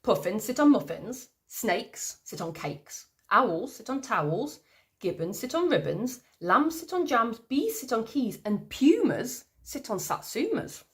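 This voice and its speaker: A woman's voice: a little high, very animated, a little slow. A woman reading as a sing-song know-it-all storybook cat. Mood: playful. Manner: sing-song rhyming recital. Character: cheerful know-it-all cat from a picture book.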